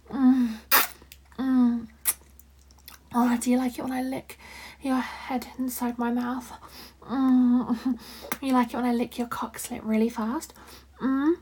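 A young woman in a whispered role-play, rambling and flustered, giggling and dropping into breathy whispers close to the microphone. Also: on the high side, warm tone, a little hiss or hum. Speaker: audio role-play performer.

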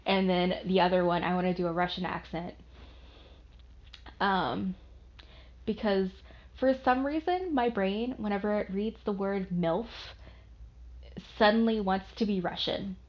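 A young woman from the American South talking in a casual, rambling monologue, swearing often and poking fun at herself. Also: fairly low pitch. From Southern United States. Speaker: vlogger. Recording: dull lo-fi recording.

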